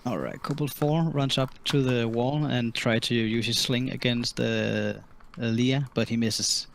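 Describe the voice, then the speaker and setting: A man running a tabletop game as dungeon master, narrating enemy moves in a relaxed, laughing, somewhat halting way. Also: medium pitch, creaky, slight background noise. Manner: relaxed, laughing, often hesitant.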